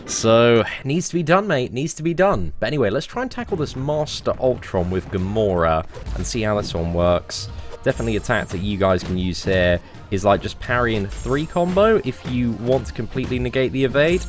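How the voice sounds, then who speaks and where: A young man giving casual, animated commentary on a game live stream, full of slang and talking to his viewers as mates. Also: medium pitch, brisk, soft background music. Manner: animated and chatty, heavy slang, calls viewers mate and lads.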